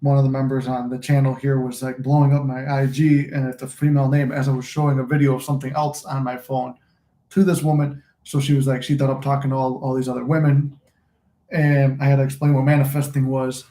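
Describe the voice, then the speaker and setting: Male host, rambling casual livestream talk, flat and mellow, roomy phone sound. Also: medium pitch, a little fast, slight background noise. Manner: rambling, loose and profane. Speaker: manifesting channel host. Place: room at home, smoking a cigar. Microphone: phone recording. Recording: echoey room.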